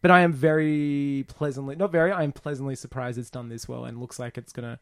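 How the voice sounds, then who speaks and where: A man's voice: medium pitch, fairly even intonation, quick pace. A young man co-hosting a casual film chat, rambling and restarting his sentences as he jokes. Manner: rambling, restarts often, laughs at own jokes. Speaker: podcast co-host.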